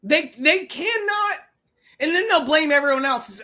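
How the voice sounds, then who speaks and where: A woman's voice: high voice, animated, normal speed, pushed and bright. A woman hosting a livestream podcast, ranting with lots of swearing and repetition. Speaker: podcast host.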